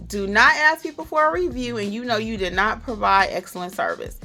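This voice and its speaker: Bright, chatty woman notary coach. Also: a little high, brisk, faint music behind. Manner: chatty, animated, acts out little client dialogues. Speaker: notary educator and channel host. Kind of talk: upbeat how-to tips to camera.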